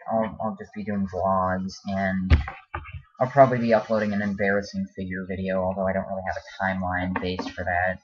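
A man talking casually in a home vlog, hesitant and halting, with many ums and restarts. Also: low-pitched, little pitch movement. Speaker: vlogger. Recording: dull lo-fi home video.

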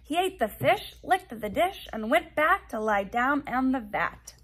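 A woman, a teacher, reading a children's picture book aloud in a sing-song, expressive way. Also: high voice, a little slow.

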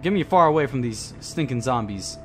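With music playing in the background, a young gamer commentates a horror game in an expressive, medium-pitched voice at a slightly fast pace. He's jumpy and easily frightened, letting out yelps and shouts when something startles him.

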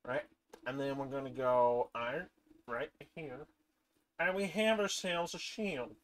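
A woman giving casual gameplay commentary, rambling from low mumbles to excited shrieks and talking to the game's items. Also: unhurried. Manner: talks to game items, swears casually. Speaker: gaming channel host.

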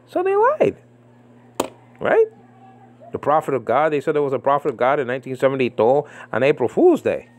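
Animated, mocking man with a lively voice. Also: mid-range voice, slight background noise. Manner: animated, mocking, many fillers and repeats. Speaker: Bible commentator. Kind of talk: casual spoken commentary on a debate. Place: living in the Philippines.

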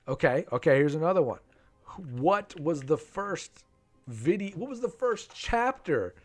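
A chatty man in his thirties hosts a live game stream, reading viewer names from the chat as he plays. His voice sits at an ordinary middle pitch. Faint music plays underneath.

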